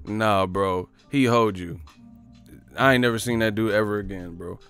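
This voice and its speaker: A man's voice: fairly low pitch, normal speed, a bit bright, clear, resonant tone, faint music behind. A man hosting a live boxing stream, chatting casually in slang, swearing and laughing often. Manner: slangy, swearing, laughs a lot, does voices. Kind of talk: casual livestream chat.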